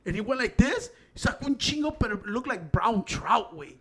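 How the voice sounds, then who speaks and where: A man with a Mexican-American accent, switching between Spanish and English as he swears and tells stories excitedly. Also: very high voice, a little fast, husky. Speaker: podcast co-host. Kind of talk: casual chat.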